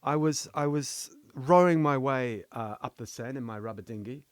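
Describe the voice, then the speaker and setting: A man from England with a mid-range voice and moderate pace co-hosts a casual philosophy podcast. Recorded dry and at studio quality, he plays the joker, telling playful stories.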